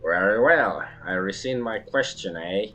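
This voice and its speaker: A gruff, mercenary Canadian smuggler in a video game, middle-aged and all about profit, who caps his sentences with a questioning "eh", as a man puts him on. The voice sits very low and deep, with faint game music under it. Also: lively intonation, sharp tone, rough recording. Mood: wary bargaining. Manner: ends lines with a drawn-out "eh".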